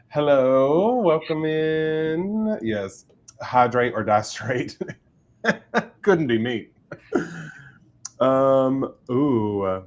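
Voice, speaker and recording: A man's voice: mid-range voice, animated, drawn-out words, long pauses, dull audio. A man hosting a casual writing livestream, chatty and giggling often. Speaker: livestream host and writer.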